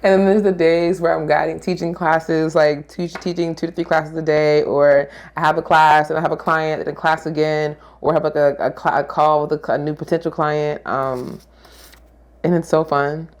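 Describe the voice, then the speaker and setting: A woman's voice: low-pitched, little pitch movement, moderate pace. A woman who works as a yoga therapist, chatting casually in a podcast conversation, rambling and laughing often as she trails off and restarts.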